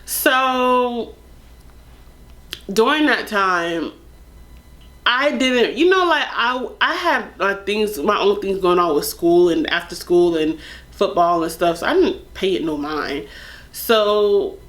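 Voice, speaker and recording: Young woman vlogger spilling a storytime, animated and candid, lots of "like". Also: mid-range voice, takes it slowly. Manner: animated, candid, chatty with fillers. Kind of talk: casual storytime.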